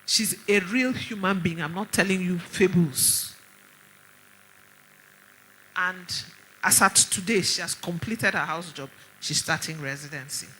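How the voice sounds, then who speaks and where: A middle-aged Nigerian woman, a doctor, giving an animated conference talk full of stories and pointed rhetorical questions. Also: fairly low pitch, unhurried, a little hiss or hum, low-quality recording. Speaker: doctor speaking at a women's conference.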